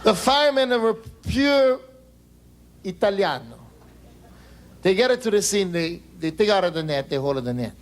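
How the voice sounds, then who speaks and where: A male comedian telling jokes on a live stage into a stage microphone, in a lively, chatty delivery that interrupts itself. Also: sits high, moderate pace, long pauses. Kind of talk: live stand-up joke telling.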